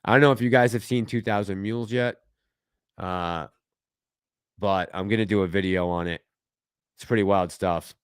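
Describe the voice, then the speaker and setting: Casual livestream host reading chat. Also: male voice, fairly low pitch, moderate pace, pauses often, smooth, no room sound, clean studio sound. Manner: chatty, reads viewer comments aloud and reacts.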